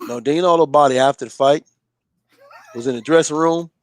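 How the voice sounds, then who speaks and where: A man's voice: a little high, fairly quick, no echo. A man co-hosting a boxing talk show, joking and laughing, often stammering as he restarts. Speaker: boxing podcast co-host. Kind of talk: casual profane chat.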